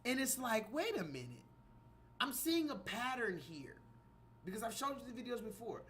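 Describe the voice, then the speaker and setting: A man's voice: very high-pitched, moderate pace. Guy going off on a live stream, talks to chat a lot, faint room noise behind. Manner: animated, mocking, rants at chat. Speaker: livestream commentator. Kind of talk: live reaction commentary.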